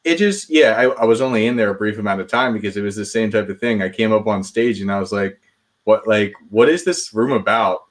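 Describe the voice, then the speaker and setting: A man with a low voice guests on a casual chat. He speaks in a measured way and pauses now and then to find his words.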